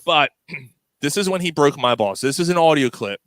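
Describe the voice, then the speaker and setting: A man's voice: normal speed, no echo. A man hosting a podcast, telling a story in casual chat and acting out the quotes. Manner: animated, acts out quotes with pitch jumps. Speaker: podcast host.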